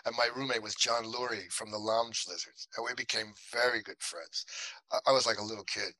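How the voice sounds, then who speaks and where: A man with a fairly low voice speaks briskly as an actor guest in a podcast interview. He tells animated anecdotes casually and acts out the voices of the people he quotes, in a dry, rough recording.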